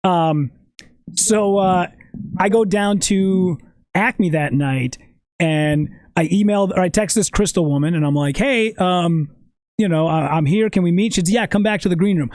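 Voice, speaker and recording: Man, fairly high voice, casual profane storytelling, dry close mic. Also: normal speed, darkish tone, no echo. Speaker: podcast guest.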